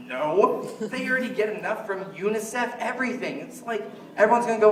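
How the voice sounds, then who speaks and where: A man's voice: high voice, lively intonation, a little fast, recorded from a distance, a little hiss or hum. A man doing a stand-up comedy routine, rambling and jokey, often slipping into mock quotes of other people. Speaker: stand-up comic. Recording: echoey room, voice from afar.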